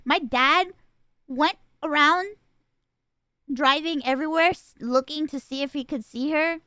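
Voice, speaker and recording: Woman streamer, high and bright-toned, rambling emotional storyteller who swears a lot, close dry sound. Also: measured pace, no echo.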